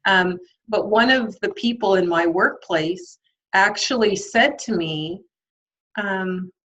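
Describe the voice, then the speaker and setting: Woman guest, mid-pitched, reflective and candid, lots of ums, slightly dull recording. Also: slow, fairly bright tone. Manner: reflective, laughs often, frequent ums. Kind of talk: candid podcast interview.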